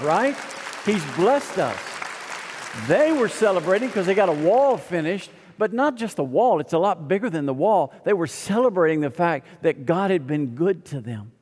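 A man's voice: fairly high pitch, expressive, normal speed, long reverb tail, a faint crowd. A man preaching a sermon, telling a story and acting out both sides of the conversation. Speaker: pastor.

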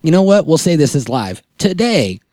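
A man's voice: on the high side, sing-song, normal speed, mellow, no echo, studio quality. A man in his thirties hosting a podcast, chatting casually and joking with frequent laughs. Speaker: podcast host.

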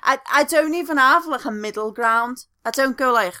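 A young woman co-hosting a podcast in casual, sweary chat, animated and often acting out voices. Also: high voice, normal speed, dry recording. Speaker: podcast co-host.

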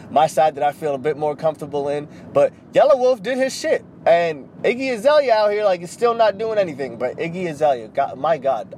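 Guy rambling on his podcast, lots of "like", swears a ton, kinda high voice. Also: slight background noise. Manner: rambling and profane, full of "like" fillers. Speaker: podcast host. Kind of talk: casual solo podcast chat.

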